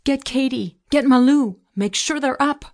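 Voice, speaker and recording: A woman's voice: sits high, measured pace, pitched above the performer's own voice. Woman voicing a panicked teen orphan girl. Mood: urgent commands. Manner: shouting urgent warnings. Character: frightened teenage orphan girl, desperate.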